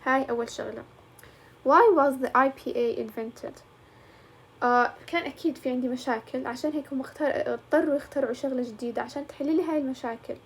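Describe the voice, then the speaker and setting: A woman teacher walks through a lesson step by step. She talks in a fairly high voice. She moves easily between English and colloquial as she explains. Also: rapid-fire, husky. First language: Arabic.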